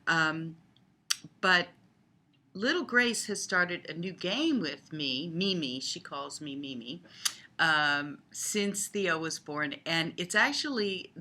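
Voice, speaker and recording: An older woman speaks to the camera in a low voice that still has a bright, clear edge. She talks slowly and thoughtfully, pausing often with ums as she gathers her thoughts. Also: animated. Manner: unhurried, thoughtful, with frequent ums. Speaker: video blogger on child development. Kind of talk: casual talk to camera.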